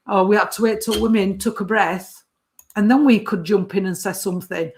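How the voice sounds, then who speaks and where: A woman's voice: medium pitch, steady tone, moderate pace. Lady doing a psychic photo reading, chatty, keeps saying darling. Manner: warm endearments, calls the sitter sweetheart and darling. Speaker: medium.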